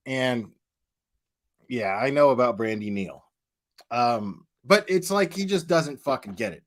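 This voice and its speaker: An American man hosting a livestream commentary, ranting crudely with lots of profanity and reading out super chats. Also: mid-range voice. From United States. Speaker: commentary channel host.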